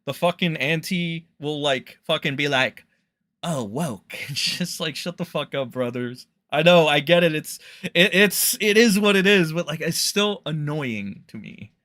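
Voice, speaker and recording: A man ranting on a stream as he reads out tweets, swearing often and mocking, and at times rising into loud outbursts. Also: fairly high pitch, expressive, unhurried. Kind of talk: casual ranting commentary.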